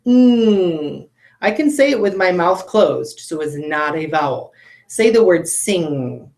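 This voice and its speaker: Lady phonics teacher, low voice, patient and slow, sounds out every letter, echoey room. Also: animated, a little mellow. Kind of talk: video lesson for children.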